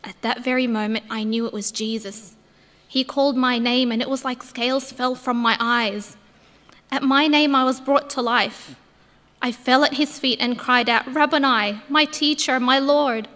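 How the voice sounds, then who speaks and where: A woman's voice: on the high side, fairly even intonation, moderate pace, a bit bright, close to an everyday voice. A woman acting as Mary Magdalene, reading a heartfelt first-person account in a church. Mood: awed, tearful. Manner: earnest, heartfelt storytelling. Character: Mary Magdalene, grieving then overjoyed woman disciple. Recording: echoey church hall.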